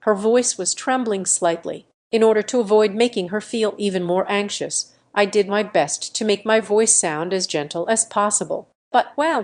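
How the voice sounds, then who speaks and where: A woman narrating a first-person romance audiobook in a gentle, earnest storytelling manner. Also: medium pitch.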